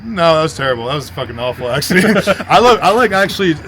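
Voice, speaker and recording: A man's voice: a little high, sing-song, fast, fairly bright tone, slight background noise. A man speaking as a supercar dealer guest on a podcast, easygoing and full of "you know". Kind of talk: casual interview chat.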